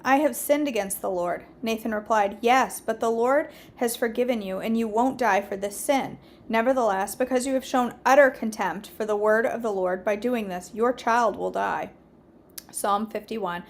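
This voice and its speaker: Woman reading scripture, steady and earnest. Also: fairly high pitch. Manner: steady, earnest reading with small slips and restarts. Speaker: devotional host.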